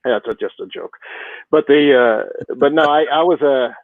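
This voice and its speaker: A man's voice: medium pitch, moderate pace, dry recording. Man, podcast guest, chatty, self-deprecating, tinny phone-like line, dry sound. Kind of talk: casual interview chat. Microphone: video call.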